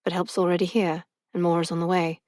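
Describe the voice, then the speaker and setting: A woman voicing a calm, mysterious young British man with a smooth, soft-spoken delivery, read in an audiobook. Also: fairly low pitch, quick pace, no echo, clean studio sound, close to an everyday voice. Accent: British (put on).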